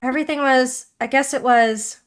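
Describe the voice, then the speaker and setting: A woman voicing a shy, anxious teenage reindeer girl while reading game dialogue aloud, in a soft, hesitant manner. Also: sits high, steady tone, moderate pace, slight background noise, close to an everyday voice. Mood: uneasy.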